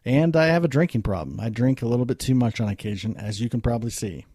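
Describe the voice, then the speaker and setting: A man doing a loud hard-drinking businessman. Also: high-pitched, animated, measured pace, vocal fry, breathy edge, no echo, studio quality, voice pushed up, heavily acted. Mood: boastful, confessional. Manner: loud, boastful, confessional.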